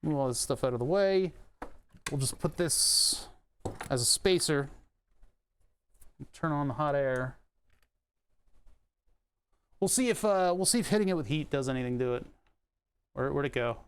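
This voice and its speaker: A man's voice: fairly high pitch, lively intonation, measured pace, long pauses, clear, resonant tone. Swearing, rambling male streamer. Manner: profane, rambling, self-amused. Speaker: streamer repairing a keyboard. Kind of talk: casual livestream chat while working. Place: home room with air conditioning running.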